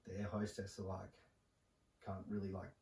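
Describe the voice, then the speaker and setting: A young man speaks as a podcast guest, low and mellow in tone with little rise and fall. He talks haltingly, full of fillers and restarts. He sits a little back from the mic in a roomy space with faint noise behind him. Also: completely flat delivery, vocal fry, recorded from a distance. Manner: halting, soft-spoken storytelling with many fillers. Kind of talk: casual podcast conversation.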